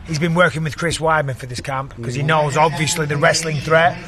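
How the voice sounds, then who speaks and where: Second pundit: man, slightly high voice, keen and admiring, noisy arena crowd. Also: fairly even intonation, brisk. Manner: enthusiastic, warm praise of fighters. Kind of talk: casual fight commentary. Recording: live arena with crowd noise.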